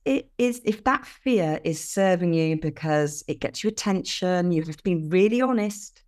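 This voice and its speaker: An older woman, a podcast guest explaining things earnestly with lively emphasis in casual conversation. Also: lowish voice, moderate pace.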